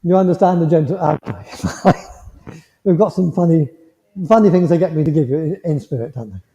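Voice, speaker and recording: A gentle, reassuring man gives a mediumship demonstration, his voice high and dark in tone. The sound is dull and muffled, and it rings with the long reverb of a village hall. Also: animated, fairly quick. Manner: gentle, reassuring, checks in with "yeah?" often.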